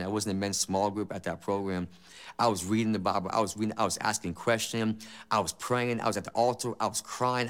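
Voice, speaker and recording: Earnest man giving an emotional testimony. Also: lowish voice. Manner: emotional, repetitive, earnest storytelling. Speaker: former gang member giving testimony. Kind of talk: personal faith testimony.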